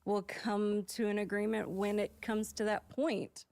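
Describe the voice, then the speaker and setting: A woman in her late thirties, a guest on a couples show, recounting events in a measured way with frequent fillers. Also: mid-range voice, little pitch movement, a little mellow. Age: 30s. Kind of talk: unscripted on-camera conversation.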